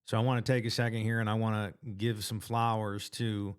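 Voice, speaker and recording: Earnest man with a smooth low voice. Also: little pitch movement, brisk. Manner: earnest, conversational with frequent restarts and slang. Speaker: vlogger sharing weight-loss progress. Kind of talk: casual motivational monologue.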